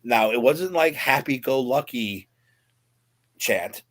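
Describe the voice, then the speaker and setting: A man's voice: mid-range voice, animated, takes it slowly, fairly bright tone. A man co-hosting a podcast, telling a story in casual, profane chat and muttering the quoted lines. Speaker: podcast co-host.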